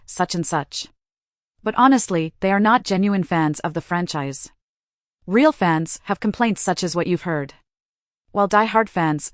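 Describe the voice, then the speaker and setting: A woman's voice: on the low side, no room sound. A woman giving an opinionated, dry commentary in a movie review.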